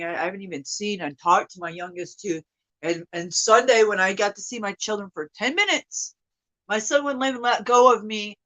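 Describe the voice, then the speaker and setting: A woman in her thirties venting to her viewers in an upset, profane monologue that swings from loud outbursts to hushed mutters. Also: mid-range voice, rough recording. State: upset, emotional. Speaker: vlogger.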